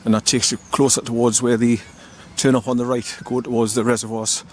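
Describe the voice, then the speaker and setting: A man's voice: medium pitch, flat delivery, fairly quick, slight background noise. An older man from the North East of England, chatting casually while he films a walking vlog outdoors by a river, rambling a little and correcting himself as he goes. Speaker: vlogger. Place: outdoors by a river in a small town.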